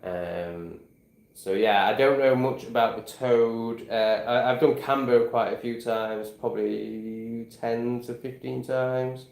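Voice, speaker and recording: A man's voice: mid-range voice, steady tone, unhurried, a little mellow, roomy sound. A man in his forties chatting casually to camera, rambling and swearing freely as he restarts his sentences. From England. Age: 40s. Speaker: vlogger.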